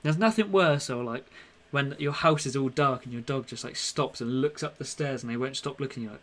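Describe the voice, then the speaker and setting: Brief: young man, podcast co-host, lively storyteller, mid-pitched, acts out quotes. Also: normal speed. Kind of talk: casual chat.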